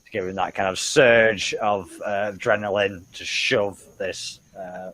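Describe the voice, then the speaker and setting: A man playing a tabletop game, describing his character's action quickly and eagerly. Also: on the low side, fairly even intonation, fairly bright tone, low-quality recording. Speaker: player. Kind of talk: casual tabletop play.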